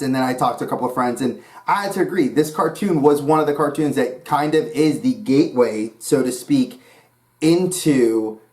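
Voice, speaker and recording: A man from New York hosting his own channel, talking about cartoons in a rambling, enthusiastic way. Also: medium pitch. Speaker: YouTube channel host. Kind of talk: casual vlog talk.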